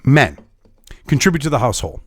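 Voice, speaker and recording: A man's voice: mid-range voice, big pitch swings, fairly quick, husky. A man delivering angry, profane and sarcastic political commentary as a vlogger.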